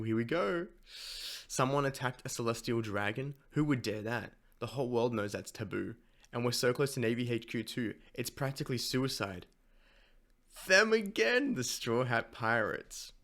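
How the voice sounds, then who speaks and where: A man's voice: mid-range voice, a bit bright. A man hosting a manga reaction, reading the dialogue aloud in his plain voice and cutting in with gasps and swearing. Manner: reads character lines in his plain voice.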